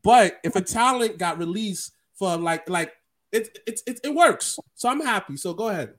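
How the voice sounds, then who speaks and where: A man with a notably high voice hosts a casual podcast chat. He talks in an animated way and laughs often. His delivery is loose and conversational. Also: moderate pace. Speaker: podcast host.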